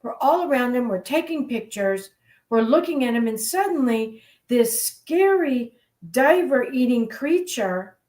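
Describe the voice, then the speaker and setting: A woman hosting a radio show, telling a motivational story in an animated, playful way. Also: sits high. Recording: roomy echo.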